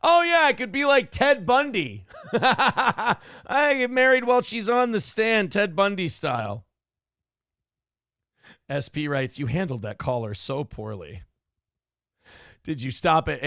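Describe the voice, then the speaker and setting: Brief man hosting a show, gravelly higher voice, sarcastic and profane, dry close sound. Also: animated, unhurried, fairly bright tone, dry recording. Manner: profane, sarcastic, self-mocking. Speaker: talk show host. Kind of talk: casual live-stream chat reading viewer comments.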